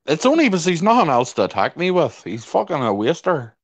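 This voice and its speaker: A man's voice: fairly high pitch, big pitch swings, brisk, dry recording. A man talking casually on a livestream video call, swearing and defending himself. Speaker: livestream guest.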